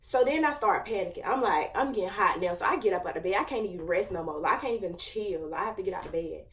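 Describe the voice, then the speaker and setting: A woman's voice: lowish voice, expressive, fast talker, fairly bright tone, recorded from a distance. Slangy teen girl telling a story. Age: late teens. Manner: chatty, slangy, dramatic retelling. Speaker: vlogger. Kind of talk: casual storytime.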